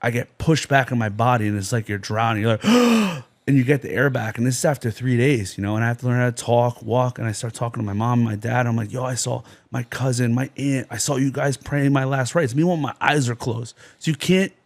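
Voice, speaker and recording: A man's voice: medium pitch, fairly even intonation, fast talker, hardly any pauses. A man from New Jersey, a podcast guest, telling his life story in an intense, rambling way, full of "you know" and "like". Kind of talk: personal testimony in a podcast interview.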